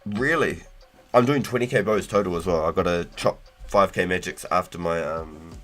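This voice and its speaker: A low-pitched man chats casually with his stream viewers, his talk loose, slangy and peppered with swearing. His voice sits deep. Soft music plays quietly behind him. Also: moderate pace. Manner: relaxed, slangy, swears and laughs often. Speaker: livestream host. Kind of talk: casual livestream chat.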